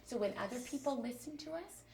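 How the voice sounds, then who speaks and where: A woman teacher leading a small group through a phonics lesson, patiently and encouragingly modeling each sound clearly. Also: high voice, animated, a little fast. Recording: distant mic with faint noise.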